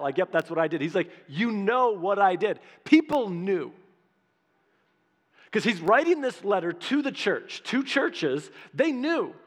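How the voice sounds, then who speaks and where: A pastor preaching a sermon in an animated, conversational way, acting out quotes as he goes. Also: sits high. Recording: long hall reverb.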